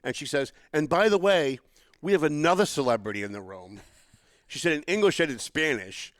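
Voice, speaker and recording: A man's voice: mid-range voice, brisk, no echo. A middle-aged man hosting a podcast, telling stories in casual political chat and acting out what people said to him. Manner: animated storytelling, acts out quotes. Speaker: podcast host.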